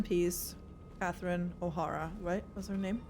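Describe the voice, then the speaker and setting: A woman's voice: on the low side, normal speed, long pauses, a little mellow, a little hiss or hum. A young woman streaming a horror game, chatting casually with her viewers and swearing often. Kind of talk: casual live gameplay chat.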